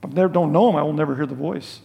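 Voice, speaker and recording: In a large hall, an older pastor preaches with rapid-fire delivery and vocal fry, keeping the tone conversational. He questions the congregation and drops from booming emphasis into quiet, low asides.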